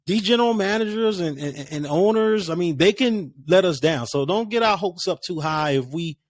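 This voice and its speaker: Rambling sports podcaster. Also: male voice, high voice, expressive, normal speed, no room sound, studio quality. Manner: rambling, conversational, many fillers. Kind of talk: casual solo sports talk.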